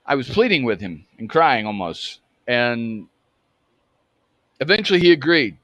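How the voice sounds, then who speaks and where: A man in his fifties from Atlanta, telling a personal memory to camera in an earnest, halting way, often restarting his words. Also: mid-range voice, animated, bright, forceful tone, no room sound. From Atlanta, Georgia. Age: 50s. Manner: earnest, halting, repeats himself. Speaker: storyteller recounting a memory.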